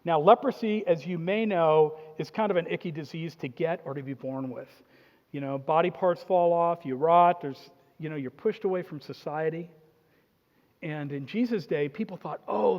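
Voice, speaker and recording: A high-voiced man preaching in a lively, joking way, slipping into little acted-out voices for the people in his story. His voice rings with the long reverb of a church hall, and the sound is a bit dull and muffled. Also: moderate pace. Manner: animated, jokey preaching with acted-out quotes. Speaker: pastor. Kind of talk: sermon.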